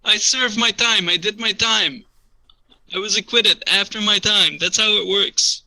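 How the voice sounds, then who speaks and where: A man's voice: high voice, steady tone, unhurried, bright, forceful tone, pitched above the performer's own voice, exaggerated voice, poor audio. Man playing an indignant ex-convict. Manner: protesting, insistent. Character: defiant young male ex-convict, indignant.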